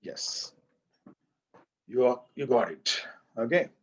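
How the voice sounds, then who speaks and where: A man's voice: medium pitch, lively intonation, slow pace, breathy edge, lo-fi sound. A man with an Indian English accent teaching an English grammar class, asking the class questions and repeating his points. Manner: explains with repetition and questions to the class. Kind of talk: classroom lecture.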